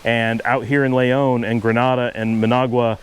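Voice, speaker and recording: A man's voice: mid-range voice, flat delivery, normal speed, clean tone, low-quality recording. Man, Buffalo accent, middle-aged, casual monologue, patient, wandering asides. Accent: Buffalo, New York. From Western New York, USA. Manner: rambling, self-correcting, explains patiently with asides. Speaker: channel host.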